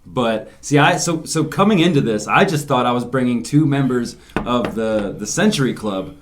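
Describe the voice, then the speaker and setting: A man's voice: medium pitch, expressive, moderate pace. Guy hosting a podcast, casual and jokey, laughs a lot. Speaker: podcast host. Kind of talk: casual chat.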